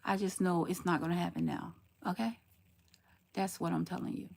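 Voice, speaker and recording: Blunt gravelly grandmother on a livestream. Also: on the low side, moderate pace. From southern United States. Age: older. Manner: blunt, scolding, sarcastic warnings with lively swings. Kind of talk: live-stream chat, answering comments.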